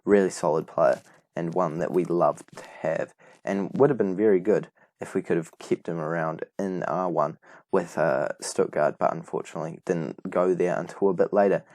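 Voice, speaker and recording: A man's voice: sits low, moderate pace, darkish tone, dry recording. A young man casually commentating on a football management game, rambling and correcting himself as he goes. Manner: rambling, self-correcting, enthusiastic. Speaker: gaming YouTuber.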